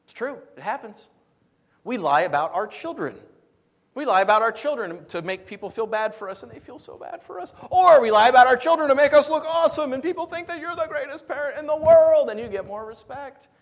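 A middle-aged married man preaching a sermon, animated and rhetorical with a humorous streak. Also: very high voice, a little fast. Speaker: pastor.

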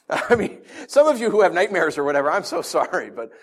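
Lively, animated male preacher. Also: high-pitched, brisk. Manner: animated storytelling with rhetorical questions. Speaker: pastor. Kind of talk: conversational sermon.

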